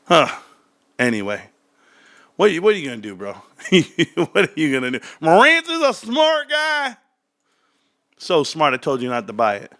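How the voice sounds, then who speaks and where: A man's voice: mid-range voice, lively intonation, brisk, fairly bright tone. A man ranting casually about stocks, joking and mocking others, now and then mimicking them in put-on voices. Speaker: stock commentary YouTuber.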